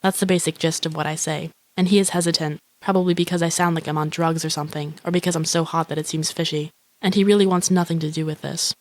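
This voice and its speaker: Woman playing a young woman, morbid inner monologue, deadpan, monotone, profane, self-absorbed, film voice-over. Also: low voice, fast talker, hardly any pauses, no room sound, natural voice. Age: young adult. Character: lonely, grandiose, morbid young woman wishing for a shark.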